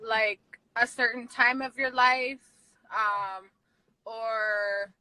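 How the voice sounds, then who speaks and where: A woman's voice: fairly high pitch, steady tone, drawn-out words, pushed and bright, clear, resonant tone, dry recording, low-quality recording. A woman interviewing a rapper in a casual, chatty way, hesitant and full of fillers.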